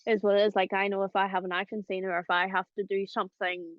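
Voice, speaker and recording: A woman hosts a relaxed chat, chatty and quick to laugh, piling up fillers as she talks. Her voice sits at a middle pitch, recorded close and dry with a slightly muffled, dull tone. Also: dry recording. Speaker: host. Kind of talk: casual chat about voice acting.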